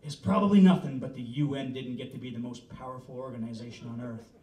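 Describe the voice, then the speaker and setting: A man's voice: mid-range voice, fast talker, dark tone, lightly acted. A man voicing a cocky male action-hero jet pilot in mock-heroic movie-trailer style, heard roomy and from far off. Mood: smug.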